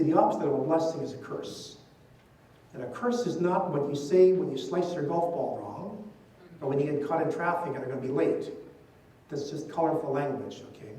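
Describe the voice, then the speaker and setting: A man's voice: on the high side, a little fast, mellow. An older man, a priest, giving a conversational talk full of stories and "you know" asides. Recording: distant mic in an echoey hall.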